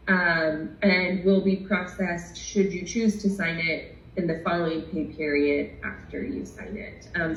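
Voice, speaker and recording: A woman's voice: on the low side, reverberant, highs cut off, slight background noise. A woman manager losing her voice, explaining terms on a formal call in a businesslike way with many ums.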